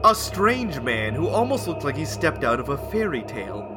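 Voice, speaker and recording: A man's voice: fairly high pitch, very animated, normal speed, over music. A man hosting a podcast, reading a scary story aloud with dramatic narration and laughing asides. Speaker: podcast host.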